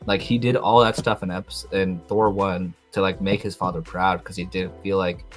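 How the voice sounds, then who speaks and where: A young man hosting a podcast, recapping a TV episode in a rambling, excitable way with lots of fillers. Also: low-pitched, normal speed, faint music behind. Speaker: podcast host.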